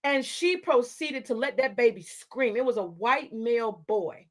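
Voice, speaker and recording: A woman's voice: fairly high pitch, expressive, a little slow. A woman hosting a livestream, ranting at her chat in a confrontational, profane way. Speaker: livestream host.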